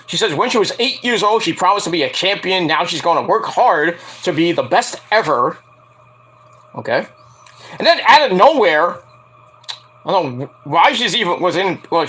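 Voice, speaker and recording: A man casually recapping a wrestling show, animated, profane and sarcastic. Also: high-pitched, normal speed, slightly rough. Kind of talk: casual rant-style recap.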